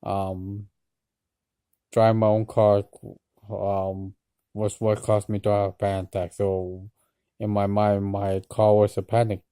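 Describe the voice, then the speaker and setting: A tired man talking hesitantly to camera in a personal vlog, with many pauses and restarts. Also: on the low side, flat delivery, clear, resonant tone, no echo. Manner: hesitant, many ums and restarts, soft-spoken. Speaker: vlogger.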